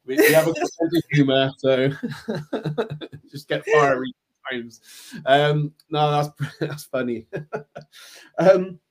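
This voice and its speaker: Joking man interviewer, fairly high voice. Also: slow, pauses often, slightly rough. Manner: relaxed, joking, asks rambling questions. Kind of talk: casual interview chat.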